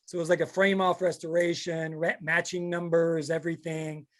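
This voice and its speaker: A man's voice: a little high, moderate pace. A man hosting a casual chat show, telling stories and acting out the people in them. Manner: animated storyteller acting out quotes. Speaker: podcast host.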